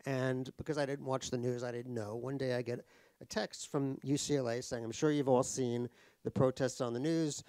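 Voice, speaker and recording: A man's voice: mid-range voice, steady tone, moderate pace, darkish tone, dry recording. An American man, an author guest on stage, telling stories with wry, profane, self-mocking humor. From United States. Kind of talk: anecdotal storytelling on stage. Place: cultural center stage conversation.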